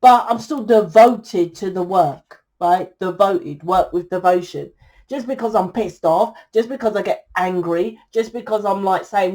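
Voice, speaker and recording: A woman's voice: mid-range voice, measured pace, dark tone. Blunt, scolding woman tarot reader. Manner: blunt, exasperated and scolding, swears freely. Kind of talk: tarot reading monologue to viewers.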